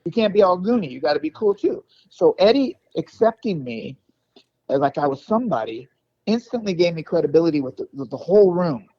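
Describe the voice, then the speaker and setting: Guest musician, man with a highish voice, lively swearing storyteller, dry dull lo-fi sound. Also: a little fast, no room sound. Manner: animated, profane, rambling with restarts. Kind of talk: casual storytelling interview.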